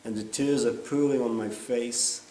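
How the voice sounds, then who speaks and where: A man's voice: medium pitch, fairly even intonation, mellow. Man in an intense stage monologue. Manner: intense, halting, confessional. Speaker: actor performing a monologue. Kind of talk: theatrical monologue. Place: theater stage. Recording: roomy stage sound from far off, faint hiss.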